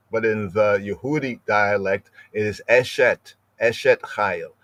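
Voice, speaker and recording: A podcast host teaches scripture in a live-streamed study, explaining things, repeating words, constantly adding "right?", and lingering over how words are pronounced. His voice is lowish and a bit bright, at a moderate pace with few pauses. The sound is dry and close, with no room sound.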